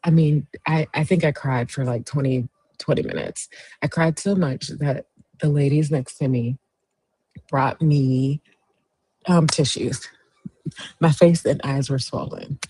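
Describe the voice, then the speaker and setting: Slow, husky-voiced woman host chatting. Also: sits low, no echo, rough recording. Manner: chatty storyteller, cheers viewers on warmly. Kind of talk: casual livestream chat, reading viewer comments.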